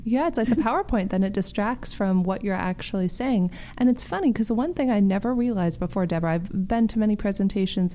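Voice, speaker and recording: A woman hosts a radio talk show, her voice at a middling pitch. She talks fast and strings long sentences together with eager enthusiasm. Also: dark tone, a little hiss or hum. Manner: fast-talking, run-on sentences. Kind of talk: radio interview.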